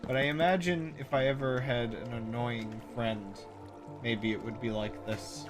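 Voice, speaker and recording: A man's voice: medium pitch, fairly even intonation, a little slow, over music. A man streaming and chatting casually while tired, his voice crackly as he rambles with many fillers.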